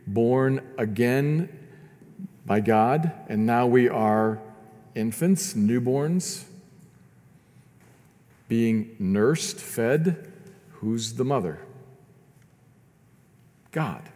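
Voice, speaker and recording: Man, pastor, sermon, earnest, repeats words, mellow voice, long hall reverb. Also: mid-range voice, expressive, extremely slow, pauses often. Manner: earnest, repeats words while building points.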